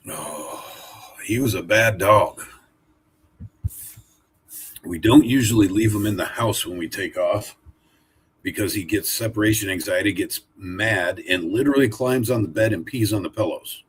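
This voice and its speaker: A man's voice: lowish voice, a little slow, pauses often, slight background noise. A man hosting a casual live stream from home, rambling and chatty while he talks to his dog. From Oregon, USA. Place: home room, sitting in a wooden chair.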